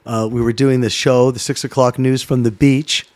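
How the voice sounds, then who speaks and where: A middle-aged man from Canada, a former sports broadcaster, telling a story in a casual chat, animated and swearing freely. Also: mid-range voice, normal speed. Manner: animated, swearing, acts out voices in his stories.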